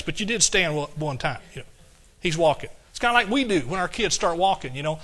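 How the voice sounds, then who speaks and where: An older man preaching with a high, bright voice. His delivery is fervent and emotional, and he keeps calling out to his congregation for responses. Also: animated, quick pace. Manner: emotional, fervent preaching with audience call-outs. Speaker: pastor. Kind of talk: sermon.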